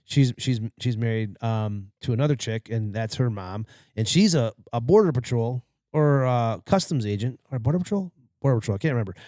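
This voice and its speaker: Man, podcast co-host, fast talker, profane, animated storyteller, dry close sound. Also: mid-range voice, no echo. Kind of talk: casual storytelling chat.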